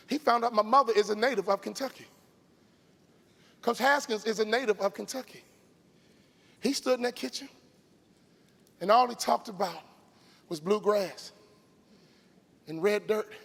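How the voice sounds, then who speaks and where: Emphatic gravelly-voiced keynote speaker. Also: male voice, sits high. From Chicago, US. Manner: emphatic, preacher-like cadence with shouted peaks. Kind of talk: motivational keynote. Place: large event arena stage. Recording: long hall reverb from live arena.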